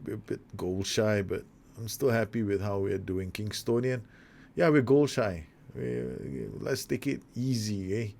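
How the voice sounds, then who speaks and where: A young man casually commentating his own football management game, chatty and excitable, with self-corrections and asides. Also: lowish voice, creaky. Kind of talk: casual let's-play commentary.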